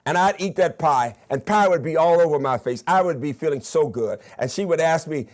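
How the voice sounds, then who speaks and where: Older man, Southern accent, slightly high voice, commencement speech, emphatic, enthusiastic. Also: expressive, a little fast, darkish tone. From Birmingham, Alabama. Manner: emphatic, enthusiastic, counts off points. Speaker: commencement speaker, university president. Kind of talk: recorded commencement address.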